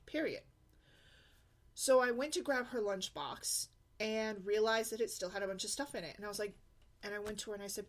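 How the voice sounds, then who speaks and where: A single mom blogger with a mid-range voice speaks briskly in a casual vlog, venting bluntly and emphatically about her daughter's attitude.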